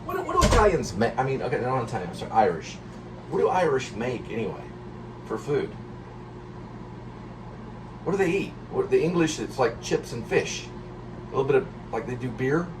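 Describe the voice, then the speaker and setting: A man's voice: mid-range voice, big pitch swings, fairly quick, long pauses, background noise. A man hosting a casual home vlog, rambling and reflective, often circling back to correct himself. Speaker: vlog host.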